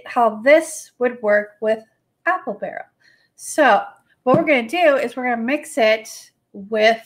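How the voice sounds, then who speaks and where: A woman's voice: high voice, a bit bright. A woman hosting a live painting demo, chatty and folksy, talking to her paint as she works. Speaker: host.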